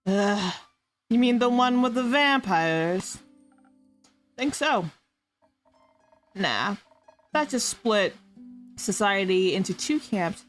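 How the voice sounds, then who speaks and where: A woman's voice: medium pitch, expressive, slow, pauses often, faint music behind. A woman streamer doing giggly, playful improvised role-play, stumbling over made-up fantasy names.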